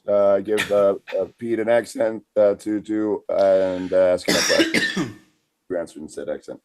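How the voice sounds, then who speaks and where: A man's voice: fairly low pitch, fairly even intonation, normal speed. A man co-hosting a comedy podcast, hesitant and filling gaps with lots of uhs. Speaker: podcast co-host.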